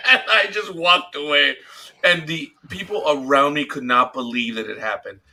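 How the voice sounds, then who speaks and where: Man, podcast co-host, casual joking banter, very bright cutting tone. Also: fairly high pitch, a little slow, vocal fry, slight background noise. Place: studio.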